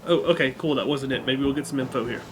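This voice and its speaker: A man's voice: mid-range voice, fast. A man giving casual gameplay commentary, rambling with lots of fillers and now and then reading game dialogue aloud. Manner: reads game dialogue aloud between remarks. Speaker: let's play gamer.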